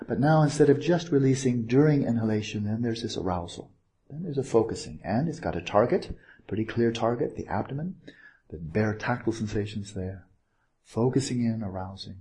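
Man, meditation teacher, low voice, warm tone, gentle, playful asides, dharma talk. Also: fairly quick.

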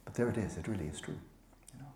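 A man teaching meditation to a retreat group, relaxed and playful, often sinking into a soft whisper and teasing students by name. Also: fairly low pitch, racing, a little hiss or hum. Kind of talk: dharma talk to a retreat group. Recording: echoey room with faint ambience.

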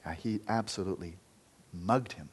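A man giving a Buddhist dharma talk, telling a story in an earnest, loose way that often falls quiet. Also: sits low, moderate pace, husky. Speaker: Buddhist teacher.

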